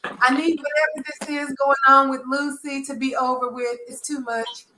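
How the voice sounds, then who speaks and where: A woman with a Southern American accent, hosting a casual soap opera chat and acting out characters' lines in a profane, animated way. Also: sits high, normal speed, reverberant, a little hiss or hum, poor audio. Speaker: podcast host.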